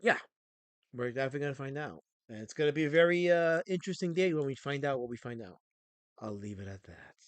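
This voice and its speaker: A man's voice: medium pitch, expressive, fast, no room sound. A man hosting a livestream, chatting casually and ranting with frequent restarts. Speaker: stream host.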